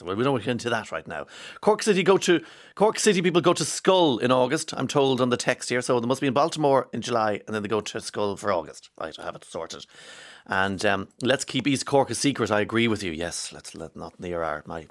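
A man from County Monaghan with an Irish accent, hosting a morning radio show in a rambling, chatty way from a studio microphone. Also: lowish voice. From Ireland, County Monaghan. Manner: chatty, rambling, reads out listener texts. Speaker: radio host. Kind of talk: casual morning radio chat.

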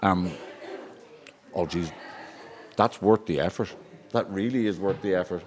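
A deep-voiced Irish man hosts a live radio chat, his tone jokey as he reads out messages and nibbles food on air. His speech is loose and playful, with a very low voice at its core. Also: unhurried, a little mellow. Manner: jokey, eating while talking. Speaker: radio host.

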